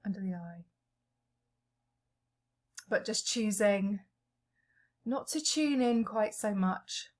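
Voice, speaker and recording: A woman leading a guided EFT tapping session, calling out each tapping point in a slow, gentle way. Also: medium pitch, animated.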